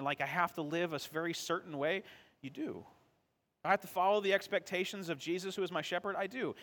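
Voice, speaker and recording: A man's voice: a little high, a bit bright. A man pastor preaching a sermon in a conversational way, asking the congregation questions and answering them himself.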